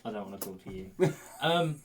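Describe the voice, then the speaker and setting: A man's voice: on the high side, expressive, fairly quick, husky. A young man co-hosting a radio show in casual, teasing banter, laughing often. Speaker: radio co-host.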